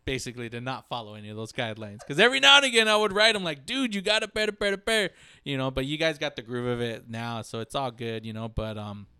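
A man's voice: medium pitch, sing-song, quick pace, few pauses, sharp tone, clean tone, no room sound, clean studio sound. A man co-hosting a podcast, telling rambling stories in casual chat and acting out voices. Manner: rambling storyteller, acts out voices. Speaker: podcast co-host.

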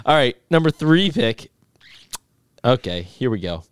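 Man, podcast co-host, playful and bragging, very lively pitch, close dry mic. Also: a little slow, smooth, no echo. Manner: playful, boastful, laughs and shouts when excited. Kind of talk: casual sports podcast banter.

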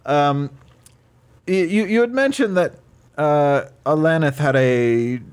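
A man's voice: fairly high pitch, takes it slowly, smooth. A man in a tabletop role-play chat, questioning witnesses in a mock trial, talking hesitantly with many fillers and restarts.

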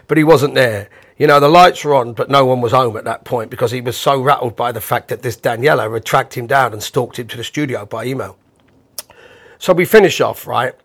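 A man, a bandleader, casually telling a rambling, animated anecdote with the odd chuckle. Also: medium pitch.

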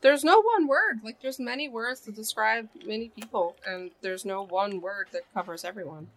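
A woman's voice: fairly high pitch, normal speed, no echo. A woman playing a tabletop game, earnest and searching for words. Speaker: player. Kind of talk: casual tabletop role-play.

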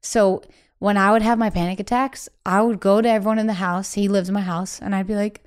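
Young woman guest, smooth clear voice, candid storyteller who plays out quoted dialogue. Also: medium pitch, steady tone, a little fast. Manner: acts out quoted family speech, breathless bursts. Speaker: podcast guest.

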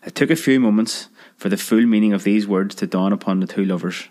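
A man reading a story aloud, lively, putting on voices for the characters. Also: fairly low pitch, moderate pace. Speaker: narrator. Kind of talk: scripted narration of a children's memoir.

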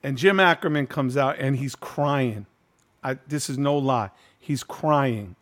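A man's voice: medium pitch, a little slow. Middle-aged man host, loose street-slang storyteller, swears freely. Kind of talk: casual storytelling chat.

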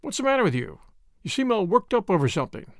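A man's voice: high-pitched, sing-song, fast talker, no echo, studio quality, voice pushed up. Narrator voicing an earnest eager young man.

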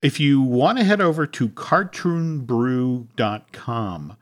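A man's voice: medium pitch, lively intonation, takes it slowly. Man hosting a podcast, reading sponsors. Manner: conversational, reads sponsor copy. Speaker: podcast host. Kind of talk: casual chat with ad reads.

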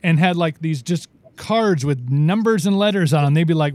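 A man chatting casually as a talk show host, telling stories in an animated way and acting out the quotes. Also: a little high, moderate pace, no echo. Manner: animated storyteller, acts out quotes. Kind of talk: casual chat.

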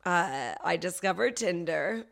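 A woman comedian chatting as a podcast guest, self-deprecating and quick to laugh, with a dry, coughing throat. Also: lowish voice, lively intonation, vocal fry. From Canada. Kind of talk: casual podcast chat.

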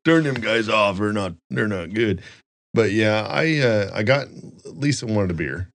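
A man's voice: fairly low pitch, expressive, measured pace, fairly bright tone, dry recording. A man hosting a casual podcast, rambling through stories and joking with his co-host. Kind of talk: casual chat.

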